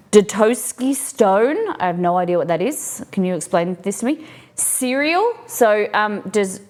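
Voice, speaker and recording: A woman streaming live, chatting casually with her viewers as she looks over a collection, curious and full of questions. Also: medium pitch. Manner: curious, asks many questions, excited exclamations. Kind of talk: casual unboxing chat with viewers.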